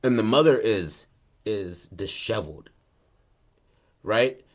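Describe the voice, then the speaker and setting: A man's voice: on the low side, animated, slow. A man hosting a podcast, casually and animatedly retelling a film plot in profane street slang. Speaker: podcast host.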